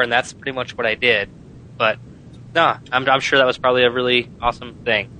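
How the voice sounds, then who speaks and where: A man's voice: mid-range voice, steady tone, brisk, pushed and bright, slight background noise, rough recording. A man in casual podcast chat, rambling and teasing, searching for words.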